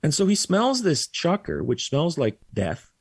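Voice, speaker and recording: A man on a podcast telling a story casually, with animated delivery and acted-out quotes. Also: on the high side, unhurried, slightly rough, dry recording. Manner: animated, acts out quoted voices. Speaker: podcast guest.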